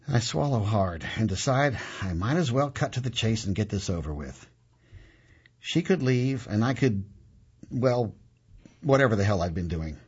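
A man narrating a gritty first-person story in an expressive way, moving from punchy to hushed, on a dull lo-fi recording. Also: mid-range voice, husky.

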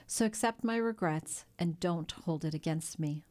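A woman voicing a kindly, ruined older male shipowner who speaks in a gentle, melancholy way in a storybook reading. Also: deep voice, normal speed, close to an everyday voice. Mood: sad.

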